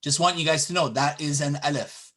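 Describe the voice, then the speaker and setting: A man teaching a classroom lesson, explaining patiently and drawing out example words slowly. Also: fairly high pitch, fairly even intonation, fairly bright tone. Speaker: Arabic teacher.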